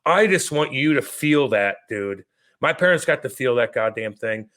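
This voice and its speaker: Profane, animated man telling stories. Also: mid-range voice, normal speed. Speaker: podcast co-host. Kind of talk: casual chat.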